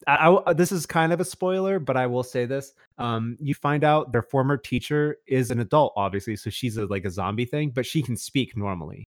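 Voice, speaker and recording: A man's voice: mid-range voice, a little fast, few pauses, dry recording, studio quality. A man in casual chat, recommending a show with rambling enthusiasm, full of restarts and fillers.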